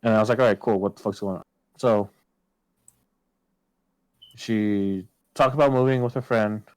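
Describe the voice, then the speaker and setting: A man's voice: fairly low pitch, steady tone, normal speed, clean tone, no room sound, poor audio. A man telling a personal story in casual podcast chat, swearing often and acting out his own past lines. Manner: swears a lot, quotes himself loudly.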